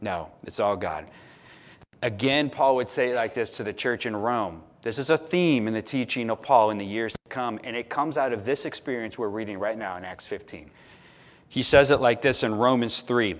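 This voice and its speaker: A man preaching as a pastor, casual and conversational, moving between soft asides and loud, emphatic points. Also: mid-range voice, lively intonation, a little slow. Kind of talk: sermon.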